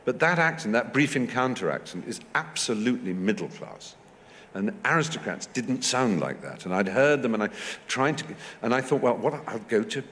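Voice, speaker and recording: A man in his fifties with an English accent, telling anecdotes on stage with animated asides. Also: mid-range voice. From England. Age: 50s. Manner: anecdotal, animated, mimics voices in quotes. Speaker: festival speaker. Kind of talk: onstage talk with audience. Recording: hall reverb, faint noise.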